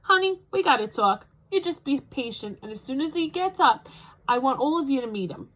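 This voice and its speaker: A tiny, bossy old grandmother with a Southern US accent, as a woman reading aloud puts her on. Her voice is squeaky, high and sharp, and she talks loud and fussy. She fusses over her family while scolding them. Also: lively intonation, fairly quick. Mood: bossy, doting.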